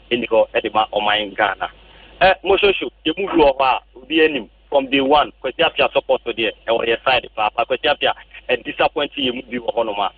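A man calling a radio sports show, talking rapidly and emphatically. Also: medium pitch, breathy edge, no echo. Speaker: caller. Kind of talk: phone-in opinion. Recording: tinny phone line, distant.

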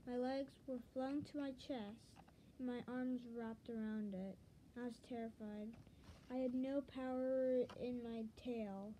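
A woman narrating her own story with earnest drama. She reads slowly, in a warm, mellow voice pitched a bit high, and a faint hiss runs underneath. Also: steady tone, poor audio.

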